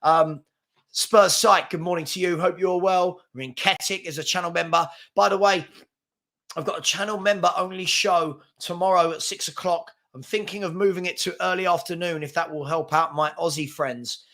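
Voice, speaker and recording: A man's voice: high voice, fairly even intonation, moderate pace, a bit bright. A man, hosting a casual live football chat stream, reading out viewer comments in a chatty, rambling and self-deprecating way, tired from an early start. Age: 40s. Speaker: football channel host.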